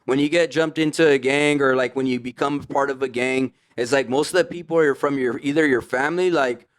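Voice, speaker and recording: A man's voice: mid-range voice, a little fast. A man, a podcast guest in recovery, telling his story in casual slang, full of "like" and "you know what I mean".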